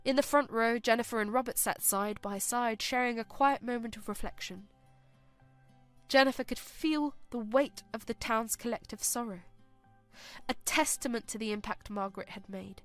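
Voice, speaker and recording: A woman's voice: a little high, normal speed, soft background music. Solemn woman narrating a story. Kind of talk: scripted narration.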